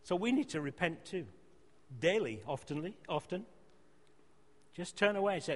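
A preacher delivers an earnest sermon, pressing his points hard and then easing into quieter appeals. His voice sits fairly high for a man. It rings through a hall with a long, lingering reverb. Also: expressive, moderate pace, pauses often. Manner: earnest, emphatic, rising to loud exhortation then dropping soft.

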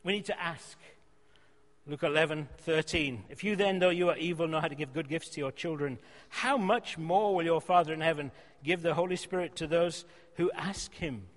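A preacher delivers an earnest sermon, pressing his points hard and then easing into quieter appeals. His voice sits fairly high for a man. It rings through a hall with a long, lingering reverb. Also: moderate pace. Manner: earnest, emphatic, rising to loud exhortation then dropping soft.

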